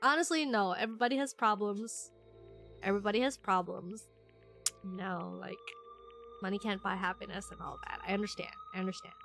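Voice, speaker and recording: A young woman streamer giving casual game commentary, animated and giggly, talking back to the screen. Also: medium pitch, moderate pace, creaky, faint music behind.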